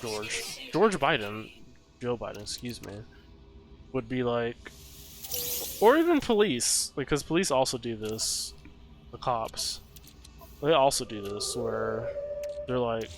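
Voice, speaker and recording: A man's voice: medium pitch, sing-song, slow pace, long pauses. A man streaming a game live, chatting in a sarcastic, ranting way. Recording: background noise.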